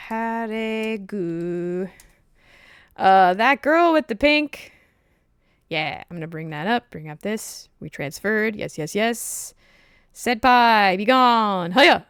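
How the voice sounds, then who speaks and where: Giggly woman streamer, higher voice. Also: clear, resonant tone, no room sound, studio quality. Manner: laughs often, animated storytelling. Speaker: streamer host. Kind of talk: casual chat on a livestream.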